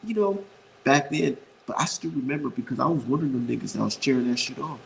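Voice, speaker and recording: A man with a gravelly, fry-edged voice holds forth on boxing in a loose, unscripted rant. He talks bluntly and profanely and circles back to hammer his points home, with a faint hiss under the recording. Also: medium pitch, quick pace, rough recording. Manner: rambling, repeats points for emphasis. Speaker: boxing commentator. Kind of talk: casual boxing opinion rant.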